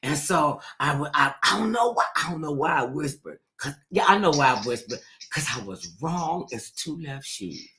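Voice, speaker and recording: Guy telling a story from when he was a kid, bright tense voice, animated, sometimes goes real quiet. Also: a little high, normal speed, few pauses. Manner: animated storyteller, drops into a hush at times, Southern-tinged vernacular. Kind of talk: storytelling in casual chat.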